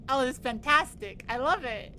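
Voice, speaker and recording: A woman with a high voice and big pitch swings chats casually with friends while streaming a game, speaking at a moderate pace over some background noise. She's giggly and easily amused, laughing readily.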